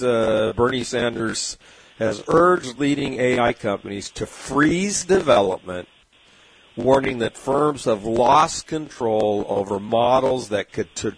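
A man with a San Diego accent hosts a financial radio show, his voice a little husky and rough. He rambles through the stock news, tossing in fillers and soft chuckles. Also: fairly low pitch, low-quality recording. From Southern California. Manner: rambling, many fillers, chuckles while talking.

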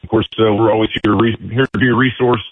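A man co-hosting a financial radio show, talking in a halting way with many fillers and restarts. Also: fairly low pitch, steady tone, no room sound, phone-quality sound.

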